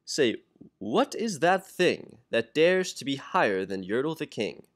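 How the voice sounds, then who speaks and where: A man's voice: medium pitch, big pitch swings, a little slow. A young man doing a pompous bellowing turtle king. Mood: boastful. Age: young adult. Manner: bellowing, grandiose.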